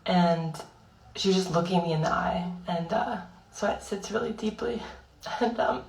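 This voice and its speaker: A young woman speaking through grief in a raw, halting personal vlog, swearing often and pausing on fillers while tearful. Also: fairly low pitch, creaky, darkish tone, roomy sound, distant mic, low-quality recording. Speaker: vlogger. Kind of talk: emotional personal monologue.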